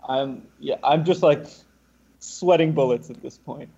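A young man, a podcast guest, telling a lively anecdote and acting out what the other people said. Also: on the high side, unhurried, gravelly, slightly rough, dull audio. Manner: animated, acts out the other people's lines. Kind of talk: casual storytelling.

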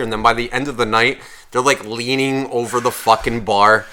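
A man's voice: medium pitch, fairly quick, few pauses. A man co-hosting a podcast, telling profane bar stories in casual chat and mocking people with put-on voices. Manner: profane, animated storytelling with mocking impressions. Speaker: podcast co-host, former bartender.

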